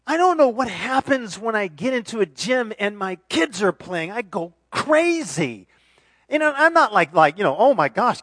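A high-pitched man in his forties delivers a sermon in a lively, self-mocking way, often restarting his sentences. His voice sounds close and dry, with no room around it. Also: no echo. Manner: animated and self-deprecating, with many restarts. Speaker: pastor.

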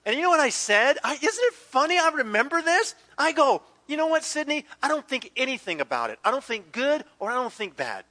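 Male preacher, very high ringing voice, animated storyteller, long hall echo. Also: brisk, few pauses. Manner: animated storyteller acting out quoted voices, dropping to hushed intensity. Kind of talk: sermon with personal story.

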